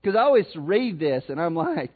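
Missouri-accented preacher on a tinny line. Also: male voice, on the high side, big pitch swings. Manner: dramatic swings between loud emphasis and soft, slow delivery. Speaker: pastor. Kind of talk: sermon. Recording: tinny phone-like sound.

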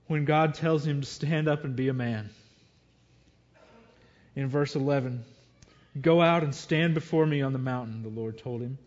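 A man's voice: medium pitch, darkish tone, muffled recording. Earnest man preaching a sermon. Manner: earnest, reads scripture aloud and dwells on it. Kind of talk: sermon with scripture reading.

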